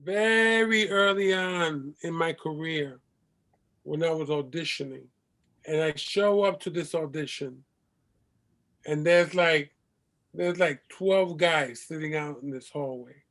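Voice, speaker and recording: Brief: male actor, higher voice, very slow, relaxed storytelling. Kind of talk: anecdote told to an audience.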